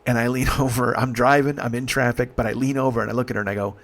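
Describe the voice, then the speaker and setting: A man's voice: medium pitch, steady tone, quick pace, few pauses, slight background noise. Exasperated, profane male comic storyteller. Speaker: comedian. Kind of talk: comedic storytelling.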